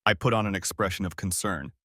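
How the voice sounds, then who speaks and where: A man narrating a first-person revenge story in a measured, wry storytelling manner, recorded close to the mic. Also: deep voice, pushed and bright, slightly rough, no echo.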